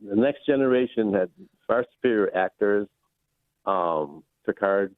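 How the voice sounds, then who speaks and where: Caller, man, lowish voice, tinny phone line, hesitant and halting. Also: animated. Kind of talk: phoned-in radio call.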